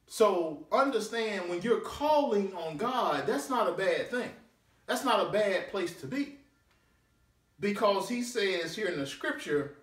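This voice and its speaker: A man, a deacon, preaching a sermon with drawn-out scripture readings and swooping pitch. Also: animated, fairly bright tone. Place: church sanctuary. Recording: echoey church room, mic at a distance.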